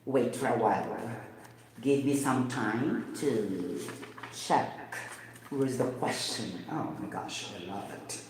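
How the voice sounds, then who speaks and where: A man's voice: mid-range voice, takes it slowly, a little hiss or hum. A man with a Filipino accent teaching English informally, often asking whether listeners get the point and slipping into Tagalog phrases. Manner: repeats "you get the point", chuckles, mixes in Tagalog. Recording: very echoey room.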